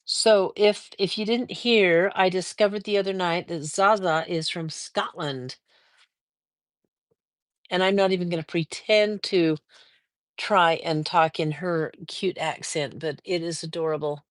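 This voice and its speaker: A woman's voice: fairly low pitch, steady tone, dry recording, studio quality. Chatty older woman hosting a quilting livestream. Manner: chatty, encouraging, drawn-out fillers. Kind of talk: casual live-stream chat reading viewer comments.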